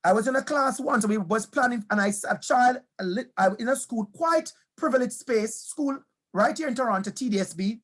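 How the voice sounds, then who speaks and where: A man's voice: very high-pitched, a little fast, hardly any pauses, a bit bright. A man giving a motivational talk to teachers, weaving in personal stories, emphatic and repeating key phrases, asking questions and speaking straight to his audience.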